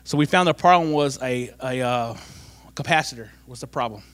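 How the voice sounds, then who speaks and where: A middle-aged man tells a lively personal testimony, repeating phrases for comic effect. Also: mid-range voice, moderate pace. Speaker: church member giving testimony.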